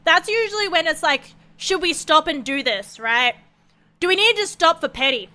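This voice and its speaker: A woman's voice: very high-pitched, expressive, normal speed, sharp tone. An Australian woman streaming a game, chatting casually, swearing freely and laughing often.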